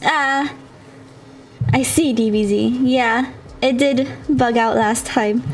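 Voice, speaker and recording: A woman's voice: a little high, slow. A woman game streamer chatting casually with her viewers, bubbly and chatty, laughing often.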